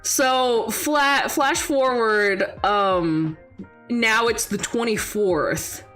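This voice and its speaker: A young woman chats to her stream, telling a story with a lot of energy. Her voice sits a little high, and she laughs often and puts on voices for the people she quotes. Faint music plays underneath. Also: drawn-out words, a bit bright. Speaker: vtuber streamer. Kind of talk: casual storytelling chat.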